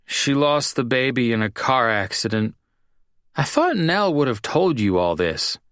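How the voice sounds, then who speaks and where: A man reading an audiobook performs a drunk, self-pitying young bartender, slurring and mumbling in a voice raised above his natural pitch. The medium-pitched delivery is very animated yet measured, fairly bright and clean, with clean studio sound and no room sound.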